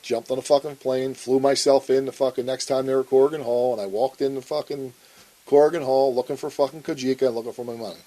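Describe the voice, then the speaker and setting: A man's voice: mid-range voice, fairly even intonation, fast talker, mellow, low-quality recording. A man telling a story in a blunt interview, swearing often and acting out the arguments he recounts. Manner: blunt and profane, acts out quoted arguments. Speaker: interview guest.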